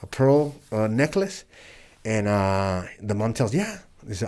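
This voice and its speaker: Earnest low-voiced man telling a story. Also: sing-song, unhurried, darkish tone. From El Paso, Texas and Juárez, Mexico. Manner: earnest, acts out voices in his stories. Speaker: professional wrestler guest. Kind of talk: casual storytelling interview.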